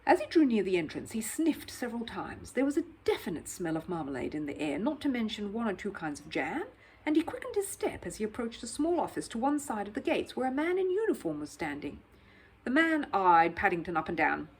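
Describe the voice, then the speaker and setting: Expressive woman reading a children's story. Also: medium pitch, a little fast, slight background noise. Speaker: storybook reader. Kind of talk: reading a children's novel aloud.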